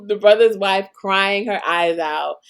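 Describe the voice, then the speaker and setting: A woman's voice: mid-range voice, slow, clean tone. A woman hosting a podcast, recapping a show in a sassy, laughing, casual way. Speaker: podcast host.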